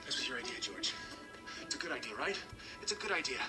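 A man's voice: medium pitch, very animated, quick pace, natural voice. An actor playing a nervous man who mutters a crude pep talk to himself in a mirror, in a film clip. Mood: nervous bravado. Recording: film clip with loud music.

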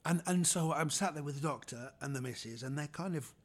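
A man, a podcast guest telling funny personal stories in a lively way and acting out the people in them. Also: fairly high pitch, brisk. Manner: animated storyteller, acts out the people in his stories. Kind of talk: casual anecdotal storytelling.

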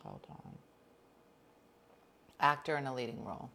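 A woman hosting a casual chat, telling rambling stories with quick whispered asides. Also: a bass voice, wildly swooping pitch, gravelly, bright, forceful tone.

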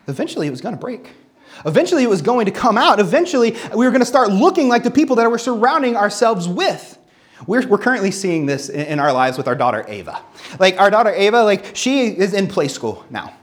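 A pastor in their thirties preaching an earnest sermon, repeating words for emphasis and reading scripture aloud between personal stories. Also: medium pitch.

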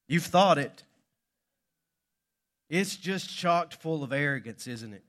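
Male pastor, sermon, storytelling with dramatic pauses, fairly high pitch. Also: lively intonation, a bit bright.

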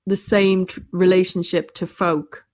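Quick-talking Irish woman storyteller. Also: lowish voice. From Ireland. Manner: quick, animated bursts with restarts. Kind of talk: casual conversation.

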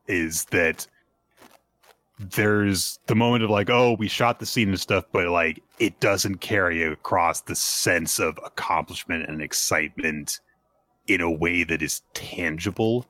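Low-voiced man recapping manga, bright tone. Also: slow. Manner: animated retelling, voices characters' lines. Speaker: podcast co-host. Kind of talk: casual chat recapping manga chapters.

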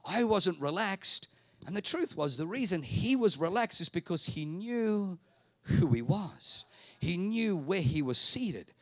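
A man's voice: sits high, sing-song, unhurried, fairly bright tone, no echo. A man preaching a sermon with emphatic, repetitive phrasing, rhetorical questions and calls for the congregation to respond. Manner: calls the audience to respond aloud. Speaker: pastor.

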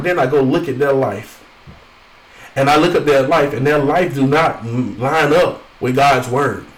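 Guy preaching online, swells and drops, echoey room, a bit far off the mic. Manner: rhythmic prayer, repeating "Lord Jesus" and "oh God"; rises and falls in pitch and volume, drawing out key phrases. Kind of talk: online sermon with scripture reading and prayer. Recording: roomy, from a distance.

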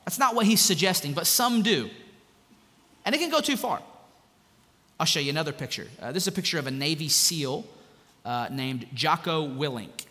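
A man preaching a sermon as pastor, animated and conversational, with jokes and asides. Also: a little high, normal speed, pauses often, in a large hall.

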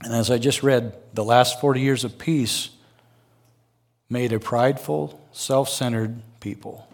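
Older male guest preacher, mid pitch, earnest sermon delivery with homely asides. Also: steady tone, unhurried. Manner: earnest, folksy asides, rises for emphasis.

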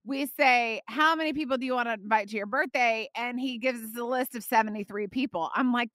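A woman's voice: a little high, brisk, few pauses, a bit bright, dry recording. Bubbly woman podcast host. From Texas. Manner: chatty and effusive, says y'all and okay a lot. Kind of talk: casual faith podcast chat.

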